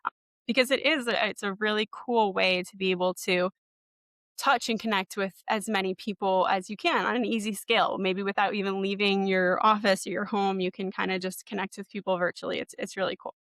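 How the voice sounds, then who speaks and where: Smooth-voiced woman coaching casually. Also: medium pitch, fairly even intonation, a little fast, a bit bright, no room sound. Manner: casual, encouraging, many "like" and "you know" fillers. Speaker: podcast host and marketing coach. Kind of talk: webinar teaching.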